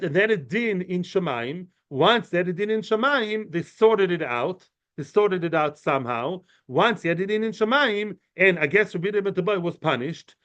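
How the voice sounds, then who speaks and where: Male teacher, high-pitched, conversational and digressive, dull low-fi recording. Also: a bit bright. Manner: chatty, explains with many fillers and asides; answers questions from students. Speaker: Talmud teacher. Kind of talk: informal study-class lecture. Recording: muffled lo-fi recording.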